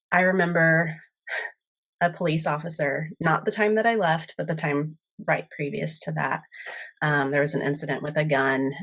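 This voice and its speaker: Low-voiced woman host, earnest, halting, stops and starts. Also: fairly bright tone. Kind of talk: personal interview talk.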